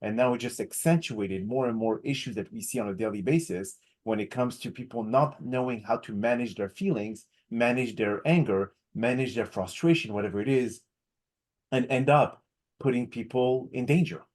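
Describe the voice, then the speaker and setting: Male podcast host, earnest and explanatory, ordinary pitch, interview chat. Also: normal speed, darkish tone. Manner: earnest, explanatory, repeats words in lists. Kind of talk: casual interview.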